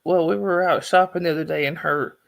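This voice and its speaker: Her voice is deep with vocal fry, fairly even in intonation and a little fast. She's a Southern-accented woman casually hosting a livestream, rambling chattily with viewers and restarting sentences.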